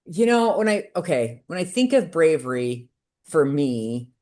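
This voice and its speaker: A middle-aged woman, a podcast guest, telling a personal story in candid conversation and acting out quoted voices with sudden jumps in pitch. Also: big pitch swings, unhurried, a little mellow.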